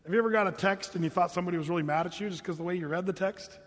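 A man preaching a sermon as pastor, animated and jokey, putting on mock voices to make his points. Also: high voice, very fast, long reverb tail.

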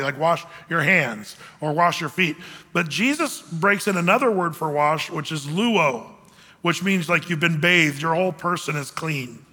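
Bright-voiced male pastor preaching in a hall. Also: fairly high pitch. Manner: conversational preaching, animated, acts out quotes. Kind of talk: sermon.

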